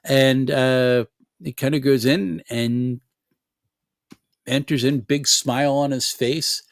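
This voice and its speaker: A man narrating a tabletop game as game master, relaxed and rambling with many fillers. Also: mid-range voice, slow pace, no echo, clean studio sound.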